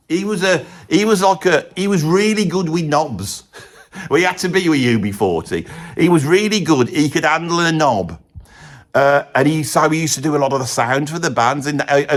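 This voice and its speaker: A comic presenter puts on a rambling, opinionated middle-aged bloke from Birmingham with a thick accent, in a natural, fairly high voice. In this comedic character monologue he says "bloody" constantly, works mild swearing into every sentence, and keeps slipping into hushed, gossipy, conspiratorial asides.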